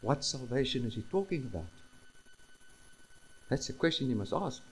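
A man's voice: mid-range voice, big pitch swings, moderate pace, slight background noise, low-quality recording. A man preaching a sermon, emphatic, repeating key phrases and asking the listeners rhetorical questions.

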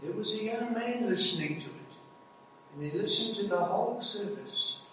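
A man preaching a sermon. He builds to emphatic peaks and stresses phrases slowly. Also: sits high, animated, bright, forceful tone, slight background noise. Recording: echoey hall, heard from a distance.

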